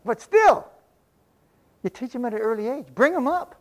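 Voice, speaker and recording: A man's voice: very high voice, expressive, moderate pace. An older man preaching a sermon in a folksy, conversational way, mixing scripture with homespun stories. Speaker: pastor.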